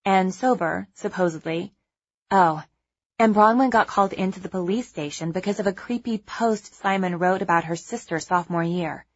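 A young adult woman narrating a first-person audiobook in a measured, wry, conversational way. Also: on the low side, slightly rough, muffled recording.

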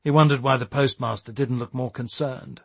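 A man reading a novel aloud in a steady, measured storytelling manner. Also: medium pitch, creaky, slightly rough, no room sound. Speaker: audiobook narrator. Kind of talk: scripted narration.

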